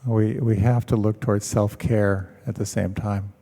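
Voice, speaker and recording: A man, a meditation teacher, giving a measured, reflective talk and telling stories to an audience in a large hall. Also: fairly low pitch, fairly even intonation, mellow. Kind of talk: dharma talk.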